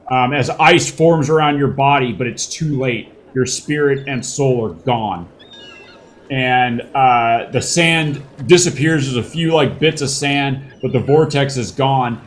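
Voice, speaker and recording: A man narrating a tabletop game as game master, rambling with many fillers and casual swearing. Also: mid-range voice.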